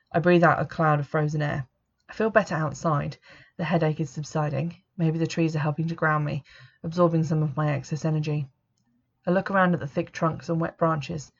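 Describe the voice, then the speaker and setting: A woman reading a first-person audiobook in a steady, measured way. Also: sits low, vocal fry. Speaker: audiobook narrator. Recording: dull lo-fi recording.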